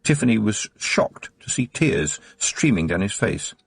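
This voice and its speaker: A man narrates a novel with expressive storytelling and a lively voice that moves up and down. His tone is gravelly and a bit husky. The recording is close and dry. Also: on the low side, a little slow, dry recording. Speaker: audiobook narrator. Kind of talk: scripted narration.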